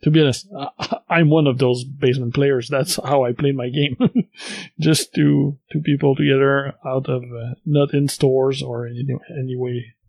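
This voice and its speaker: A man co-hosting a relaxed hobby chat, hesitant, with frequent filler pauses. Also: mid-range voice, vocal fry, no room sound. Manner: hesitant, many uh fillers, laughs softly. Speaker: podcast co-host. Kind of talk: casual chat.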